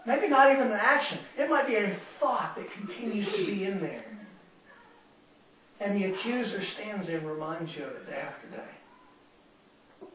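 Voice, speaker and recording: Speaking at a moderate pace with long pauses, this high-voiced man sounds animated as he delivers a sermon in a Bible study room. He stays earnest and leans on repeated words for emphasis, heard from a distance in an echoey space with faint noise.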